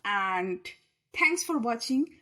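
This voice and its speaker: A woman's voice: on the high side, sing-song, takes it slowly, a bit bright. A woman explains grammar in short, repeated phrases. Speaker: English teacher.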